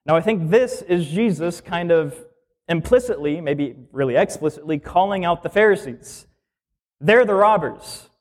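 A man's voice: a little high, expressive, normal speed. A male minister giving a sermon in a conversational teaching style, explaining scripture plainly and asking the listeners questions.

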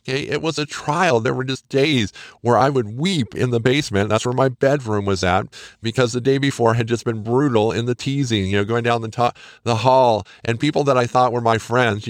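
A man's voice: medium pitch, dry recording. Dry-voiced earnest male podcast host. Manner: earnest, encouraging, conversational. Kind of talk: casual solo podcast monologue.

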